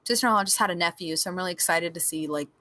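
A woman's voice: fairly low pitch, very fast. Chatty young woman rambling on a podcast. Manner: rambling and animated, many filler words. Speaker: podcast co-host. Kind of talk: casual chat. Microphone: remote call mic.

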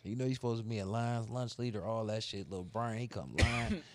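A man telling a long, animated, profane story in casual chat. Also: on the low side, fairly quick, no echo. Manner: animated, profane, acts out kids' voices. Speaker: podcast co-host telling a story.

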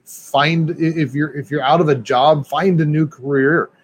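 A man in a casual podcast chat, talking in an excitable, rambling way and peppering his talk with dude and man. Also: on the high side, normal speed.

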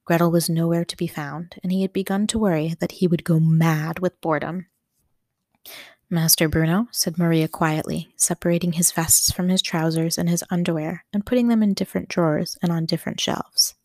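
A woman reading a novel aloud as an audiobook narrator, calm and measured. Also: on the low side, no echo, clean studio sound.

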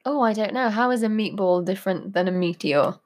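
A woman's voice: mid-range voice, a little fast. A woman co-hosting a casual podcast, giggly and teasing, often hesitating with "um". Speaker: podcast co-host. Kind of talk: casual banter.

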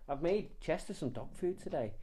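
A man's voice: a little high, animated, normal speed, dark tone, husky. A man co-hosting a casual couple podcast, teasing and joking with plenty of swearing. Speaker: podcast co-host.

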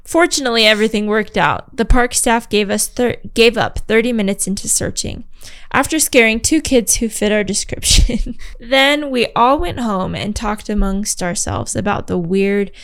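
A woman co-hosting a podcast, reading a story aloud with animated, giggly asides. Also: fairly high pitch, moderate pace, creaky. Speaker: podcast co-host.

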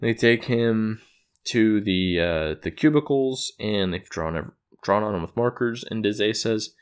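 Man with a fairly low voice, loose rambling recap style, trips over and fixes his own phrasing. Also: expressive, measured pace, clear, resonant tone. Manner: rambling, self-correcting, chuckles at own retelling. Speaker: episode recapper. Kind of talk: casual plot recap.

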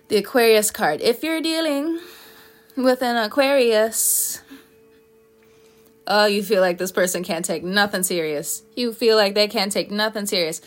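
Chatty woman giving a tarot reading. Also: medium pitch. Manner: chatty, laughs often, playful scolding. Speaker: tarot reader.

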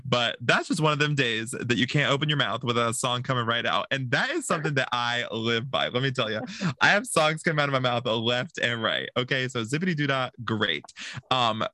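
Male podcast guest, animated storyteller, bright tone, plays out the quotes. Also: medium pitch, normal speed, no room sound. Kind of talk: casual podcast chat.

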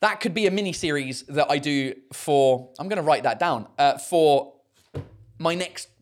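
A man with an English accent hosting a casual live stream, rambling excitedly, swearing freely and laughing often. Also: fairly high pitch, moderate pace, a little hiss or hum. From England. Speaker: livestream host reading chat.

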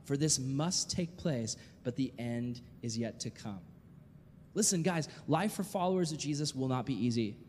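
Animated male preacher in a reverberant hall. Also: on the high side. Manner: animated, rhetorical questions, reads scripture aloud. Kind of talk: sermon.

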